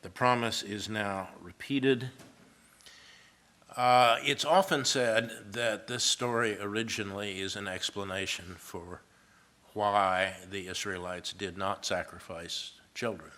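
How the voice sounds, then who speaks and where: Deep-voiced man giving a university lecture. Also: steady tone, slow pace, sharp tone. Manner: reads scripture aloud, then explains it with asides. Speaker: professor.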